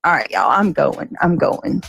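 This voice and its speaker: A woman's voice: low voice, big pitch swings, a little slow, creaky, fairly bright tone. A woman, tired and drawling as she signs off a livestream. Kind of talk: signing off a livestream. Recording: clip played with background music.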